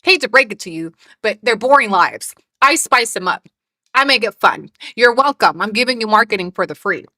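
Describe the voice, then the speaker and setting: Mexican-born woman streamer, sarcastic and profane, bright voice, dry close sound. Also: a little high, animated, moderate pace, no room sound. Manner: profane, mocking, laughing often. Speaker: commentary streamer. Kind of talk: live reaction commentary.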